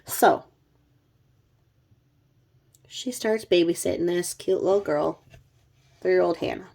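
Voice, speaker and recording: Brief: a middle-aged woman, chatty and sarcastic, with a gravelly, low voice, telling true crime. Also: normal speed, mellow. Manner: chatty, sarcastic, with blunt asides. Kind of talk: casual vlog narration.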